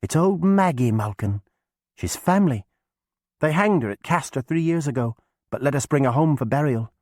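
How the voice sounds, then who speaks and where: Brief: male reader playing a quick-witted young girl in a storybook, pitched up high, loud, persuasive and folksy. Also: animated, no room sound, studio quality, close to an everyday voice. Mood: reassuring. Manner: eager, persuasive, folksy rustic talk. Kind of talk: audiobook character voice.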